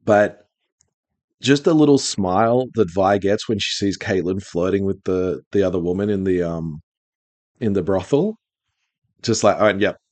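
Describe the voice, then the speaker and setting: Deep-voiced man rambling through casual podcast chat. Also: unhurried, pauses often, no room sound. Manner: rambling, animated, self-interrupting. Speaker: podcast host.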